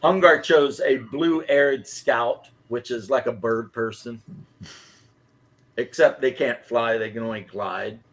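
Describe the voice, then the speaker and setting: A man chatting casually on a live stream, telling rambling, animated stories. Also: medium pitch, a little slow. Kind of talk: casual chat.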